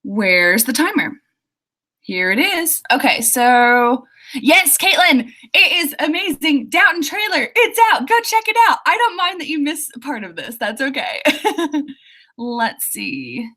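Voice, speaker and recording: A young woman with a fairly high, bright voice hosts a casual livestream. She chats loosely and giggles often as she reads viewer comments. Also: very animated, measured pace. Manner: chatty and giggly, reading viewer comments aloud. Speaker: author hosting a writing livestream.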